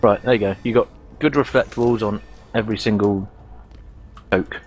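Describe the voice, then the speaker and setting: A man's voice: fairly low pitch, steady tone, moderate pace. A man in casual game voice chat, sarcastic and teasing, who swears a lot at teammates and enemies. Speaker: game player.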